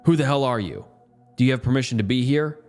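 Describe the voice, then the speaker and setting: A man's voice: mid-range voice, quick pace, faint music behind, voice pushed up, close to an everyday voice. A man voicing a stern, hostile man in his fifties who barks orders in a cop-like tone. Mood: shouting. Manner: shouting, cop-like barked orders.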